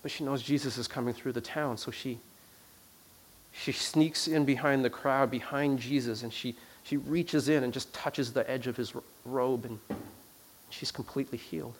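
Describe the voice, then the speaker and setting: A man preaching to a congregation in an ordinary, mid-pitched voice. He tells stories with lively swings from loud emphasis down to a near-hush, and he often stumbles into repeated words and restarts. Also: normal speed. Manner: animated storyteller, swings from loud emphasis to hushed quiet. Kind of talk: sermon storytelling.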